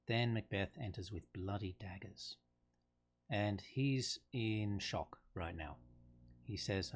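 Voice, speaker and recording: A man's voice: on the low side, a little slow. A man teaching a lesson on a play in a conversational way, thinking aloud with fillers and restarts. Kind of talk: casual lesson explaining a play.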